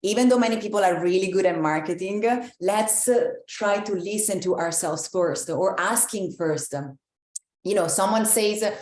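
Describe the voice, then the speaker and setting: A woman with an Italian accent gives a live, reflective talk to an online group as a movement coach, with many pauses and restarts. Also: mid-range voice, darkish tone, echoey room. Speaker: embodiment coach.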